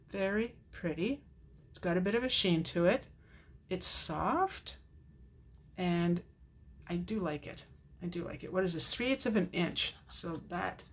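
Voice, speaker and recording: A woman's voice: on the low side, husky. Chatty woman demonstrating craft paper. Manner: chatty, talks to herself, answers viewer comments by name. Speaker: papercraft demonstrator hosting a live unboxing. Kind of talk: casual chatty product show-and-tell.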